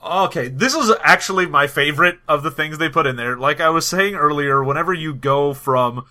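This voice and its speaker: Give me a man with a bright voice making sarcastic quips in a casual chat. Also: fairly high pitch, moderate pace, few pauses. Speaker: podcast co-host. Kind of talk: casual chat about a tabletop game.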